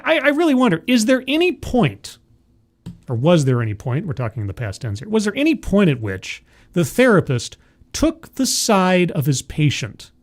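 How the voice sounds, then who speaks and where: A streamer doing sarcastic, exasperated commentary on a video during a live stream. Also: medium pitch.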